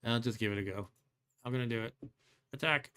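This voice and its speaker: Guy doing game commentary, average voice, thinks out loud, second-guesses stuff, dry little gripes. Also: mid-range voice, brisk, clean tone. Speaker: host. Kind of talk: let's play commentary.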